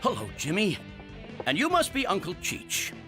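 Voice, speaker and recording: A man voicing a smug, secretive rich inventor in an animated series, talking in a smug way. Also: normal speed, over music. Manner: smug, with wild pitch swoops.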